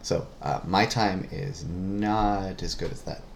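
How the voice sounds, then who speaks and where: A middle-aged man with an extremely deep, low voice, chatting casually as a podcast co-host. He explains things in a relaxed, unhurried way, pausing on ums and uhs. A faint hiss sits under his sensitive microphone. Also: gravelly. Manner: relaxed, explanatory, hesitant with fillers. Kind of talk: casual family podcast chat. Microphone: sensitive studio microphone.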